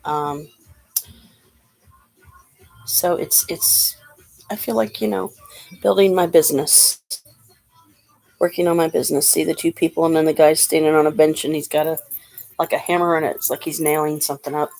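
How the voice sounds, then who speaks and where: A woman's voice: low-pitched, steady tone, moderate pace, vocal fry, pauses often, darkish tone, low-quality recording. A woman giving a casual tarot card reading, chatty and rambling, with lots of fillers. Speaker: tarot reader.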